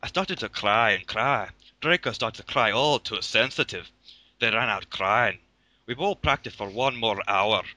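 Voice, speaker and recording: A man's voice: lowish voice, expressive, unhurried, bright, forceful tone, no echo. A young man reading a fan fiction aloud to friends, stumbling over the text and laughing at it. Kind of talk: casual comic read-aloud.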